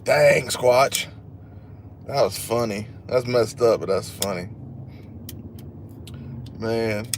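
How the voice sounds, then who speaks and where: A man's voice: mid-range voice, slow pace, long pauses, slight background noise. Chatty man on a livestream. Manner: chatty and joking, laughs at himself. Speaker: livestream host. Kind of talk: casual live chat, reading viewer comments.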